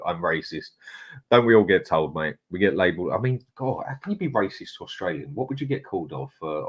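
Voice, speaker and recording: A man's voice: low voice, husky. A man hosting a casual live stream, chatting and reading out viewer comments. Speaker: host.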